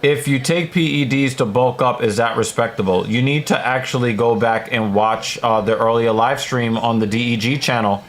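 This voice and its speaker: A man hosting a livestream reads viewer comments aloud and gives blunt, casual opinions packed with fillers. His voice is medium-pitched and fairly bright, and he talks at a normal speed with few pauses.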